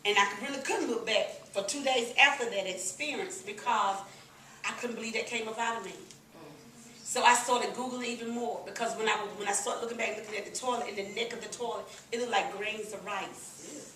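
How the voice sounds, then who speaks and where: Bright-voiced woman in an echoey room. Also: on the high side, a little fast, a little hiss or hum. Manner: lively, laughing, folksy, addresses crowd as "y'all". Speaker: sales presenter at a business meeting. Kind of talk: animated testimonial to a live audience. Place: meeting room with audience. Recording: echoey room, recorded from a distance.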